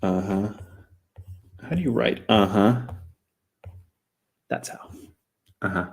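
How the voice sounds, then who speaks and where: Man, low voice, gravelly, casual chat, thinking aloud while drawing. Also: takes it slowly. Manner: rambling, thinking aloud with restarts. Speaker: artist streaming while drawing. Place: lives in Germany.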